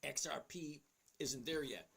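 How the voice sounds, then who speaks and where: A man's voice: a little high, measured pace, gravelly, sharp tone, husky. A man in his sixties hosting a casual livestream, reading viewer questions and answering them bluntly and chattily. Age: 60s. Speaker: host.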